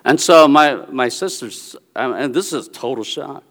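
A pastor from the United States gives a sermon and tells a personal family story in an earnest way, often checking in with "Okay?". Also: male voice, mid-range voice, moderate pace, fairly bright tone. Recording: long reverberant hall sound.

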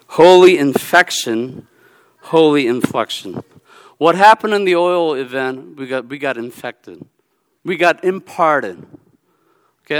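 Male preacher, high and clear, animated sermon delivery with repeated "okay?", in a reverberant hall. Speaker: pastor.

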